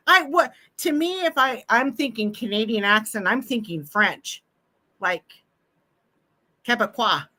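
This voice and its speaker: A woman's voice: high voice, moderate pace, sharp tone. A middle-aged woman with a Pacific Northwest American accent, hosting a livestream in chatty, casual talk and laughing often. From Washington State, USA. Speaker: livestream host. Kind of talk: casual chat.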